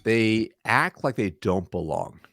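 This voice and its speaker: A man answering interview questions about sales calls, energetic, acting out timid and confident voices. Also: slow, creaky, dry recording, clean studio sound. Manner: energetic, demonstrates weak and confident tones by shifting his pitch. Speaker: sales consultant, guest.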